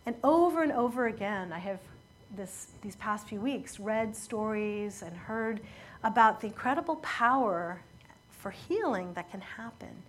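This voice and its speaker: A woman preaching a sermon, telling a story in an earnest, measured way that often falls quiet at emotional moments. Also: mid-range voice, animated, slight background noise.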